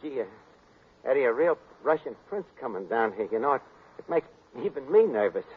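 A lively wisecracking bar manager. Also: male voice, mid-range voice, a little fast, husky. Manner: wisecracking, tough, laughs a lot. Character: fast-talking male bar manager, schemer. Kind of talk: 1940s radio comedy acting. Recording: dull, slightly noisy old radio recording.

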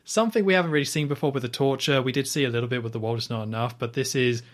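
Talking very fast in a medium-pitched voice, this young man hosts a podcast and retells a movie scene at length in casual chat, full of fillers and quoted dialogue.

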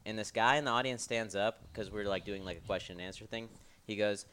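A young adult man, a podcast guest, telling a casual story in a relaxed, rambling way with fillers. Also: lowish voice, fairly quick, clear, resonant tone.

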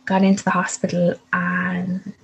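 Young woman, breathy and husky, telling her own story and performing every line of dialogue. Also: on the low side, completely flat delivery, a little slow, dull audio. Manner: vivid, acts out the voices in her story. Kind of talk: personal storytelling.

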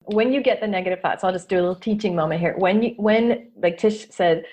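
A woman hosting a casual interview, teaching lively and acting out the voices in people's heads. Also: mid-range voice, a little fast. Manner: animated, acts out inner voices. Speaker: host, coach.

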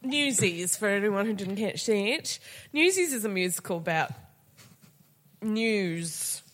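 A woman's voice: medium pitch, sing-song, slow, fairly bright tone, big-room sound. A woman hosting a podcast in casual chat, playful, bubbly and joking. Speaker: podcast host.

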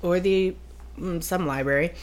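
A woman's voice: lowish voice, normal speed. A woman co-hosting a podcast, casually recapping a romance novel's plot with frequent fillers and self-corrections. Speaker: podcast co-host. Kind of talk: casual chat recapping a book.

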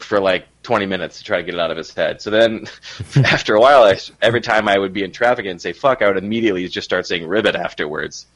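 A man's voice: on the low side, fairly quick, a bit bright. A young man and co-host, telling a story in casual chat with chuckles. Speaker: podcast co-host.

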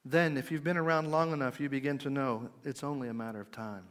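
A middle-aged man preaching a conversational sermon, asking his listeners questions and dropping to a quiet, slow voice for emphasis. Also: medium pitch, steady tone, clean tone. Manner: conversational, asks the audience questions. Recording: long hall reverb.

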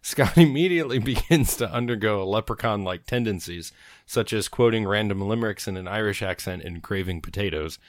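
A man reads a film's plot aloud on a casual podcast, now and then breaking into a chuckle. His voice sits on the low side, recorded close and dry with no room around it. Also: no echo. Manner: reads plot summaries, laughing at times. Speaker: podcast co-host.

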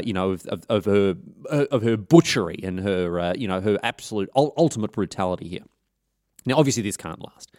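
Aussie bloke spinning a history yarn, irreverent and chatty, lots of ums. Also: male voice, mid-range voice, a little mellow, no room sound, studio quality. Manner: slangy, irreverent, many fillers. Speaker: podcast host. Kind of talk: comic history storytelling.

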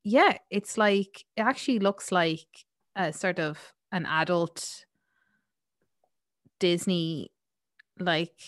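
Irish woman, podcast co-host, low-ish voice, loose filler-heavy chat, dead dry room. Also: slow, pauses often, dry recording. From Ireland. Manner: rambling with many fillers and swearing. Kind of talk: casual chat.

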